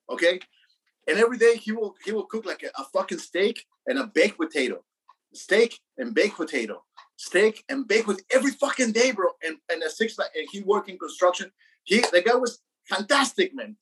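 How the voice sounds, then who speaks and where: A man's voice: sits high, fairly bright tone, slight background noise, rough recording. A man co-hosting a casual beer podcast, rambling, swearing a lot, repeating words and calling people bro and man. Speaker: podcast co-host. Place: New York.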